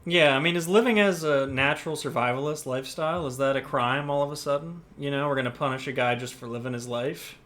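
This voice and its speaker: A man's voice: medium pitch, quick pace, few pauses, fairly bright tone. A man guest on a podcast, chatting casually and tossing in dry, joking remarks. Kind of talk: casual chat.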